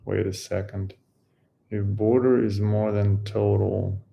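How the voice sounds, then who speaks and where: A man with a very low, gravelly voice talks his way through code at an unhurried crawl. He muses and halts often, trails off into fillers and picks the thought back up. Keyboard typing sits behind him. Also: flat delivery, dull audio. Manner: halting, musing, many pauses and fillers. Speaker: coding tutorial host. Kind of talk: thinking aloud while coding.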